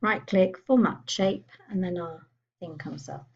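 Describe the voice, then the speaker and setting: A woman giving a chatty software tutorial, thinking aloud as she clicks through menus. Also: lowish voice, unhurried, slightly rough, lo-fi sound. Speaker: computer skills tutor. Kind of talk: screen-recorded software tutorial.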